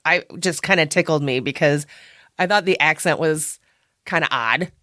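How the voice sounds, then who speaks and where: A woman co-hosting a podcast in casual chat, animated and expressive and quick to laugh. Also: on the low side, no room sound, studio quality. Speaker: podcast co-host.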